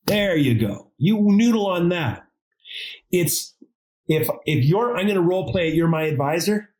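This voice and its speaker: This advisor and consultant, appearing as a guest on a podcast, has a fairly high-pitched voice captured in a rough recording. He's animated as he casually tells stories, voicing dialogue in quotes and dropping jokey asides.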